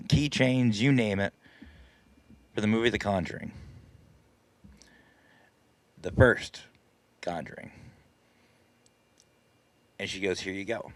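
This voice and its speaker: Low-voiced man telling a story. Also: unhurried, long pauses, no room sound. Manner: chatty, self-deprecating, laughs often. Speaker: paranormal team leader and live stream host. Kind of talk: casual storytelling on a live stream. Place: live stream setup.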